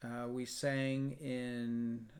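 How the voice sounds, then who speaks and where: A man's voice: mid-range voice, very slow. A man, a choir founder, telling a story in a casual podcast interview and bringing the people he quotes to life. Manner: animated storyteller, quotes others in lively voices.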